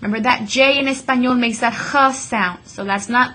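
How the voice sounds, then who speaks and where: A woman teaching a Spanish vocabulary lesson to students, slowing down to say each word clearly and repeating it for them to echo. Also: fairly high pitch, bright, forceful tone, slight background noise. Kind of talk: classroom lesson.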